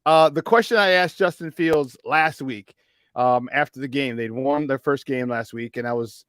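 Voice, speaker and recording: A man co-hosting a sports talk show, telling a story in a lively, rambling way with many restarts and acted-out quotes. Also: medium pitch, normal speed, clear, resonant tone, no echo, clean studio sound. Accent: Chicago.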